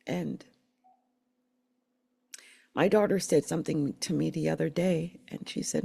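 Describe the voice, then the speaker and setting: A middle-aged woman from the Philadelphia area telling her life story in a candid, emotional, rambling way, with halting restarts. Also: deep voice, gravelly, mellow, husky, no echo. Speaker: channel host sharing her life story. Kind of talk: personal storytelling monologue.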